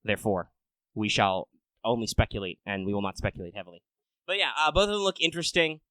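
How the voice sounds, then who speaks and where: A man hosting a casual podcast, rambling and swearing, swinging between loud rants and low mutters. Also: lively intonation, fast, no room sound, low-quality recording. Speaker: podcast host.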